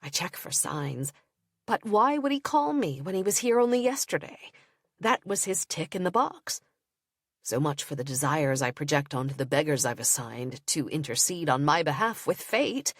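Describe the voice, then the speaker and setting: A woman narrating an audiobook of first-person diary entries in an intimate, measured way. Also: sits low, husky, no room sound, clean studio sound.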